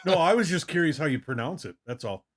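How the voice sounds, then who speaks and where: Easygoing male co-host, slightly high voice. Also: lively intonation, quick pace. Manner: short, easygoing interjections and questions. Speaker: co-host on a watch-party stream. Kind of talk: casual live-stream chat.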